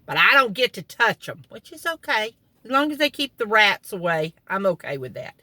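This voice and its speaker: A woman's voice: medium pitch, very animated, moderate pace, sharp tone, dry recording. A middle-aged woman telling folksy family stories in a casual vlog, chuckling as she talks, sitting in a car. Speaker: vlogger. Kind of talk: casual storytelling.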